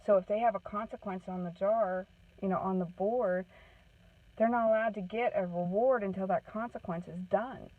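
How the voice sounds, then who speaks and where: A woman's voice: medium pitch, fairly even intonation, moderate pace. Woman, parenting advocate, casual earnest advice, checks in with listeners, distant tinny sound. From Maine. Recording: tinny phone-like sound from off the mic.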